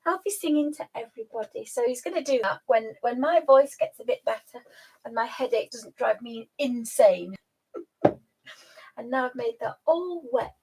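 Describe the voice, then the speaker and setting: A woman's voice: a little high, lively intonation, unhurried, a little mellow, poor audio. A woman hosting a casual live stream, chatting and cooing at her pet and laughing often. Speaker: host.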